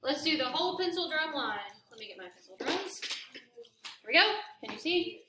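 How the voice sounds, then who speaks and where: Upbeat choir teacher lady counting rhythms out loud, bright high voice, echoey classroom. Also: expressive, normal speed, very noisy. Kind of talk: classroom demonstration. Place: school classroom.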